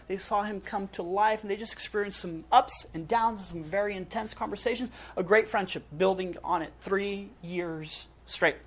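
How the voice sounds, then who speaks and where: A high-voiced man preaches a sermon in a casual yet emphatic way. He delivers short, punchy phrases separated by dramatic pauses.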